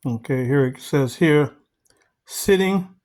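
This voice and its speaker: A man whose voice is fairly high in pitch yet darkish in tone leads a Bible study. He reads scripture slowly and deliberately, and he asks rhetorical questions of the listeners he calls family.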